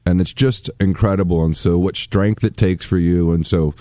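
A man's voice: low-pitched, steady tone, normal speed, dark tone, dry recording, clean studio sound. A man co-hosting a radio show, speaking earnestly and with feeling. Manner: earnest, heartfelt. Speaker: radio co-host. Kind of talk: emotional radio conversation.

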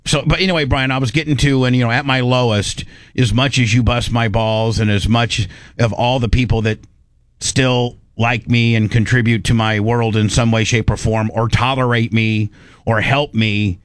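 A male radio host talks casually and tells stories with lively energy, switching voices to play out the people he quotes. His pitch sits in the middle range. The studio sound is dry and close. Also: moderate pace, dry recording. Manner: animated, acts out quoted dialogue. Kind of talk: casual storytelling chat.

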